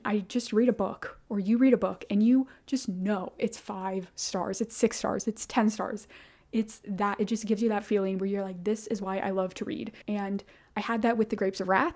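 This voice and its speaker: A young woman chatting to camera about her reading, gushing and talkative, peppering her sentences with "like." Her voice has a mellow, soft tone, at a middle pitch for a woman. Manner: chatty, gushing, heavy use of "like". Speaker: book vlogger. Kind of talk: casual book review chat.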